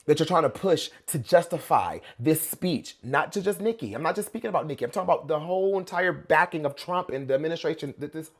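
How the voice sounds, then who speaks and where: A man's voice: a little high, lively intonation, fast talker, hardly any pauses. A man from the United States hosting a reaction commentary, blunt and sassy, with lots of slang and asides. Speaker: host and pop-culture commentator.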